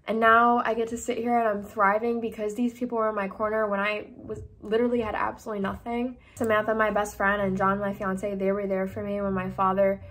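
A woman's voice: mid-range voice, little pitch movement, fairly quick, few pauses, a bit bright. A young woman in her twenties speaking earnestly in a personal vlog, sharing a hard story and sometimes close to tears. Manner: earnest, emotional, tearful at times. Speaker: vlogger. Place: indoors, seated.

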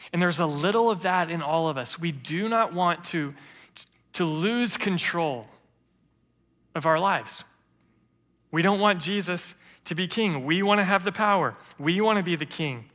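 A man's voice: high-pitched, unhurried. A man serving as interim lead pastor, preaching an earnest sermon in a storytelling manner. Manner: earnest storytelling preacher, quotes others in lively voices. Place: church sanctuary. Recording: church hall reverb.

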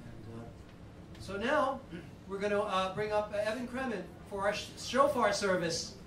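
High-voiced man leading a service. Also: sing-song, moderate pace. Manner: chatty, joking, conducting the room. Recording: echoey hall, far from the mic, noisy.

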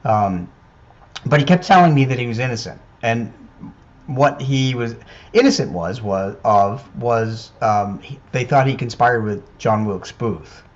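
A man's voice: medium pitch, unhurried. A man who is a medium, telling ghost stories in a casual video chat, hesitant with many ums and restarts. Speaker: medium and paranormal investigator. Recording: muffled lo-fi video call audio.

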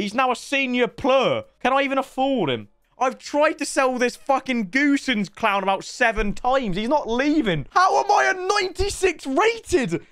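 Young man, gaming commentary, sweary banter, high-pitched, bright tone. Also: dry recording, clean studio sound. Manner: sweary, excitable banter addressed to viewers. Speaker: gaming streamer. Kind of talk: live gameplay commentary.

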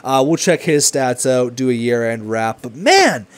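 A young man giving casual, excitable commentary over a video game, swinging between hype and frustrated swearing. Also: medium pitch, measured pace. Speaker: gaming commentator.

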